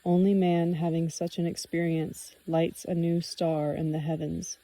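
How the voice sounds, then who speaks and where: A woman voicing a joyful young woman of the forest in an audiobook reading, with a gentle, sing-song delivery. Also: fairly low pitch, flat delivery, a little slow, dry recording, low-quality recording.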